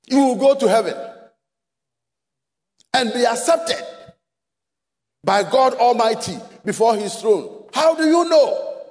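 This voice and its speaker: A Ghanaian man preaching a sermon, emphatic, repeating rhetorical questions and rising to shouts. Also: very high voice, animated, slow pace, long pauses, in a large hall.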